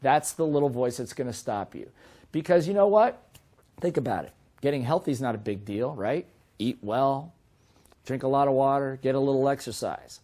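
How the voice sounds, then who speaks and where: A middle-aged man teaching a seminar as a business trainer, in a lively way that keeps asking the audience questions. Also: medium pitch, moderate pace. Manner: lively, asks the audience many rhetorical questions.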